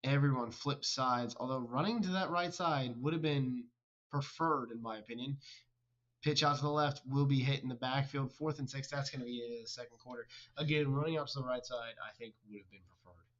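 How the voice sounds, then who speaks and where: A man's voice: mid-range voice, brisk, fairly bright tone, dull audio. Chatty male game commentator. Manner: upbeat, chatty, teasing. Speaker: host and commentator. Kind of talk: casual game commentary and interviews.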